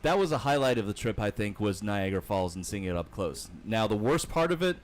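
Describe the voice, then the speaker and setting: A man's voice: on the low side, animated, brisk. A man hosting a podcast, chatting casually, laughing often and swearing lightly. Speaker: podcast host. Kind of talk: casual chat.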